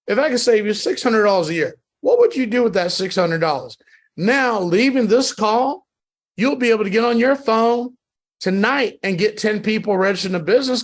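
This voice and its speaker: A man with a fairly high voice runs a sales training call. He speaks in an emphatic, repetitive motivational style, pressing the same points again and again. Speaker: network marketing trainer.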